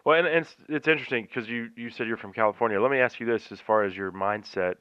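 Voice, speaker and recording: A man's voice: mid-range voice, fast, clean tone, dry recording, muffled recording. A man with a Texan accent hosting an outdoor radio show, talking in an easygoing, drawling way with plenty of filler words. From Texas. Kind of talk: casual outdoor radio talk.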